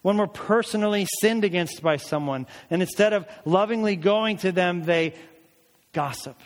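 Preaching man in a reverberant hall. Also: high voice. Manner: reads scripture aloud with deliberate emphasis, then explains it plainly. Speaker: pastor. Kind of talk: sermon. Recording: long reverb of a large hall.

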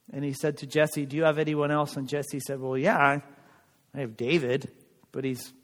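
A male pastor preaching a sermon in a church, earnest and conversational, with emphatic pauses. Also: on the high side, in a large hall.

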